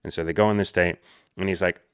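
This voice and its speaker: A man who works as a social skills coach talks straight to camera, blunt and profane, telling stories in an animated way. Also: low-pitched, quick pace, smooth, no echo, studio quality. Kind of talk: direct-to-camera monologue.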